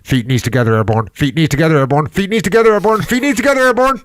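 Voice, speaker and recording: A male jump-school instructor chants the same command again and again, climbing steadily higher, as a man imitates him. The delivery is barked and insistent. The sound is close and dry, with no room around it. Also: rapid-fire, no echo, natural voice. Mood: barking. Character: male airborne instructor chanting over a megaphone.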